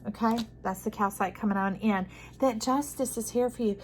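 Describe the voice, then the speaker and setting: A woman giving an intuitive tarot reading to camera. She talks soothingly, calls the listener "friend", and moves between soft hushes and emphatic bursts. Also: fairly high pitch, moderate pace, a little hiss or hum, poor audio. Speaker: tarot reader.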